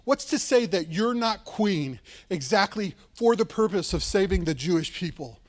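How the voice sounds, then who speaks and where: A man's voice: high-pitched, animated, normal speed. A man voicing a stern older male guardian who speaks firmly and directly while retelling a story in a sermon. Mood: urgent. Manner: firm, direct.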